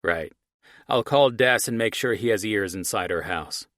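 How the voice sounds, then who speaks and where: A man's voice: on the low side, normal speed, a bit bright, no echo, studio quality, pitched above the performer's own voice, natural voice. A man voicing a scheming male character who talks on the phone in a clipped, businesslike way. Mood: tense.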